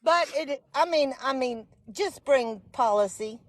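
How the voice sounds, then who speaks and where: Her voice high and animated, an unhurried woman aged forty or above joins a political livestream as a guest. She sounds passionate and exasperated, fixing her own words mid-sentence.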